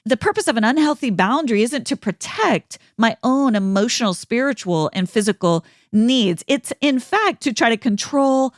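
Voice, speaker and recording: A middle-aged woman hosting a podcast, explaining ideas calmly and earnestly, now and then acting out example phrases. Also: on the high side, moderate pace, hardly any pauses, no room sound, clean studio sound. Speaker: podcast host and counselor. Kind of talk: calm teaching monologue with read sponsor ads.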